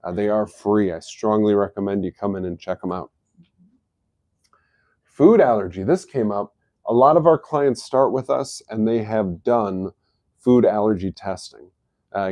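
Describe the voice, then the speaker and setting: A middle-aged man talks easily through health tips on a live stream. His voice is low and mellow. The sound is dry and close. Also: moderate pace, dry recording. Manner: easygoing, explanatory, chuckles at his own jokes. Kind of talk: casual live-stream talk.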